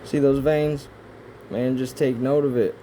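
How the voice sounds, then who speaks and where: A man rambling through pictures in casual commentary, swearing often and breaking into excitable outbursts between rambling asides. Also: medium pitch, measured pace, slight background noise. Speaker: video creator. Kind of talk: casual conspiracy commentary over images.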